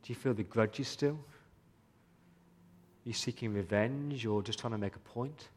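A man's voice: medium pitch, normal speed, slightly rough. A man preaching a sermon as a pastor, earnest and pleading, asking many questions of his listeners. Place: church hall. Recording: long hall reverb.

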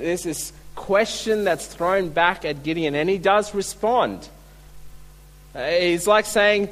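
A man's voice: fairly high pitch, moderate pace, fairly bright tone, rough recording. A man preaching a sermon, earnest and full of rhetorical questions. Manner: earnest, asks rhetorical questions, restarts words.

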